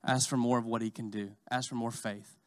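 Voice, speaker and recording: A man preaching a sermon, swinging from loud, fast urging to slow, hushed lines. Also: mid-range voice, level tone.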